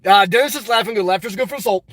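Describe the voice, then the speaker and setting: A man live-streaming a casual vlog, reading comments aloud and answering them in an animated, repetitive, exclamatory way. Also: high voice, very fast, no echo, studio quality. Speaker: YouTube vlogger answering live chat.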